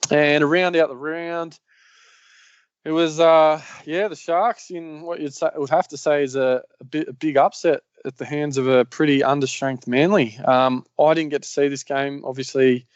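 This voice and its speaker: Aussie guy chatting footy, lots of um and yeah, kinda monotone, dull lo-fi sound. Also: fairly high pitch, normal speed, clean tone, dry recording. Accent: Australian. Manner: rambling, many ums and yeahs. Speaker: podcast host. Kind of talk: casual sports chat. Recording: slightly muffled lo-fi recording.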